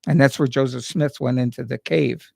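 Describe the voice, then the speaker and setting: A man's voice: medium pitch, steady tone, normal speed, creaky, a little mellow, dry recording, studio quality. A man hosting an interview, telling stories in a chatty way and repeating his words as he starts sentences. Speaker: interview host. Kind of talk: casual interview chat.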